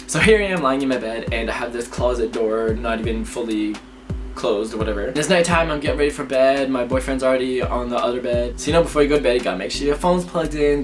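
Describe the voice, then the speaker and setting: A young man telling spooky personal stories to camera in a lively, chatty way. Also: mid-range voice. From Canada. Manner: lively, chatty, acts out his reactions, laughs often. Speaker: vlogger. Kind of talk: casual storytelling to camera. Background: background music.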